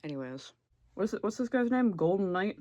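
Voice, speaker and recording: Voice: medium pitch, big pitch swings, brisk, darkish tone, no echo. Blunt, sarcastic young adult YouTuber. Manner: blunt, sarcastic, swears freely. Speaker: YouTuber ranking game characters. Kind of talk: casual comedic commentary.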